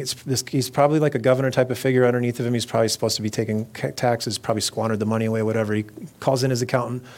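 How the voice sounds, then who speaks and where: A man preaching a casual, conversational sermon who retells scripture and acts out the voices in it. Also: mid-range voice. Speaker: pastor.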